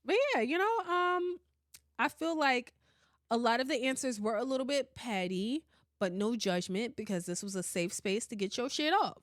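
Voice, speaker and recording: A woman hosting a podcast in casual chat, animated and blunt, swearing freely and often breaking into laughter. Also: fairly high pitch, normal speed, no room sound, clean studio sound. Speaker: podcast host.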